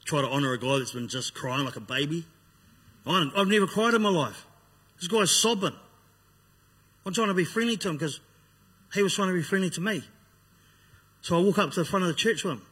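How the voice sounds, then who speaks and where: A man's voice: high voice, a little fast, long pauses, a bit bright, husky. A man telling his personal testimony, blunt and raw, acting out what he once said. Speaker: speaker giving a personal testimony. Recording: long hall reverb.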